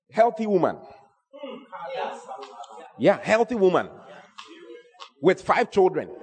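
Animated preacher man in a reverberant hall. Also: high voice. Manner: animated, emphatic preaching with repeated phrases. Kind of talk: sermon.

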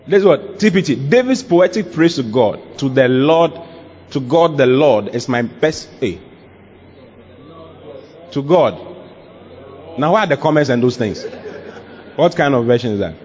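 Guy preaching, voice jumps all over, laughs and shouts a lot, muffled lo-fi sound. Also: mid-range voice, unhurried, pauses often. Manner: animated, laughing, mimics voices, breaks into shouts. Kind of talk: lively sermon. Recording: dull lo-fi recording.

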